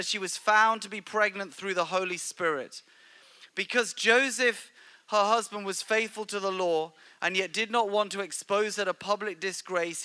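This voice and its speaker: A middle-aged male pastor preaching a sermon in a church, animated and joking, with stammered restarts. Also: sits high, clean tone.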